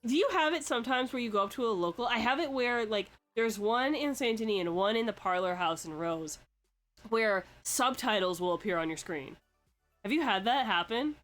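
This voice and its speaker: A woman's voice: fairly high pitch, lively intonation, normal speed, fairly bright tone, soft background music. Young woman podcast host, casual and profane storyteller. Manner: chatty, swears a lot, laughs often. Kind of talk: casual chat.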